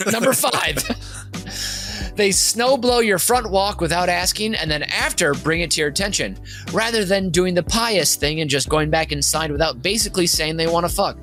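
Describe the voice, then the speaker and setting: A man's voice: sits high, pushed and bright. A man from Minnesota hosting a comedy podcast, reading a comic top-five list in a rambling, giggly way that keeps interrupting itself. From Minnesota, USA. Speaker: podcast host.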